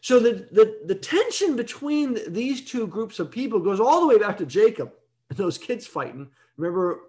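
A man's voice: high-pitched, darkish tone. A man giving an evening Bible teaching in a conversational way, explaining step by step and often checking in with "right?".

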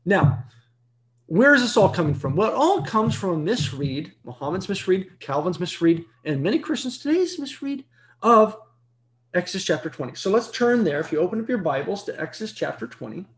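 A Bible teacher giving an evening lecture, emphatic and full of rhetorical questions, repeating key words for stress. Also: brisk. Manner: jumps to a high excited pitch when stressing a point.

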